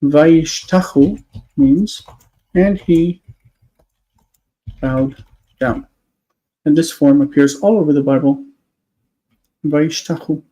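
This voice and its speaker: A man's voice: a little high, takes it slowly, long pauses, mellow, dull audio. A man on a live stream, explaining word forms step by step, thinking aloud with many fillers. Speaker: Hebrew teacher.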